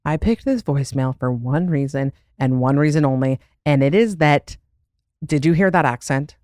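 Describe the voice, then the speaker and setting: A woman's voice: low-pitched, moderate pace, darkish tone, dry recording, clean studio sound. A young adult woman hosting a podcast in casual chat, rambling and laughing with plenty of fillers. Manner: chatty, rambling, lots of "like" and laughs. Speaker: podcast host.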